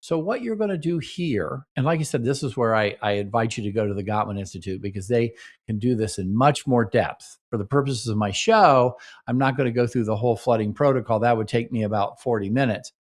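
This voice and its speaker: A man's voice: mid-range voice, brisk. Man coaching couples with "okay?" check-ins. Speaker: relationship therapist and podcast host. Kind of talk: instructional talk.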